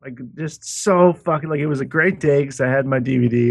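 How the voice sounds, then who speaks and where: A man's voice: mid-range voice, fairly quick, gravelly, slightly rough, no room sound. A man co-hosting a casual podcast over a video call, telling rambling, profane stories. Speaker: podcast co-host.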